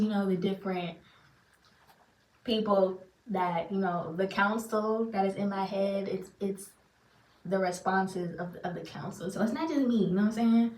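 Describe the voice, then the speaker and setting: A woman's voice: mid-range voice, darkish tone. Chatty woman in a roomy room. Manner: chatty, loose and self-deprecating, filler-heavy. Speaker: spiritual reader and channeler. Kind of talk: casual rambling monologue to viewers. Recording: roomy sound, far from the mic.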